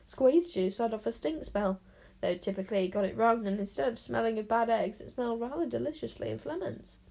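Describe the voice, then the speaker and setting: A woman's voice: fairly high pitch, brisk, creaky. A woman reading a children's fantasy storybook aloud, narrating expressively. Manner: expressive, lively character voices.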